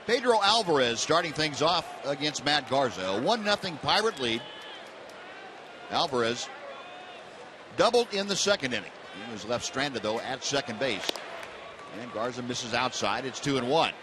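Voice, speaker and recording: A male baseball play-by-play announcer calling the game in a relaxed, conversational way with frequent fillers, over stadium crowd noise. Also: medium pitch, normal speed. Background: ballpark crowd.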